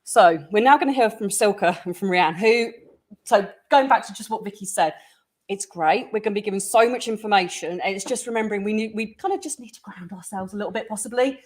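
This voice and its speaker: A woman's voice: mid-range voice, fairly quick. Chatty woman host introducing a speaker. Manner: chatty, uses tag questions. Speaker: event host. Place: study centre training room.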